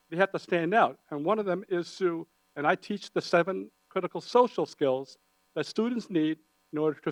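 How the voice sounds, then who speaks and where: Man on a panel, high-pitched, bright voice, animated, echoey hall. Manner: animated, audience-engaging, uses put-on voices for quoted people. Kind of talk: panel talk with humor. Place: conference hall.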